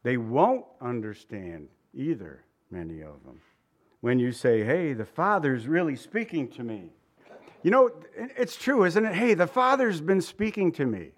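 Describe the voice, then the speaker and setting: Brief: male pastor, slightly higher voice, chatty sermon delivery with asides. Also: sing-song. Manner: conversational, rhetorical asides, slows for emphasis.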